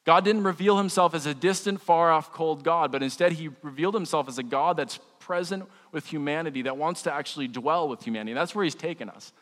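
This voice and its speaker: A man's voice: a little high, fairly quick, hardly any pauses, fairly bright tone, long reverb tail. A man, a pastor, preaching a sermon in a casual, humorous way with frequent restarts.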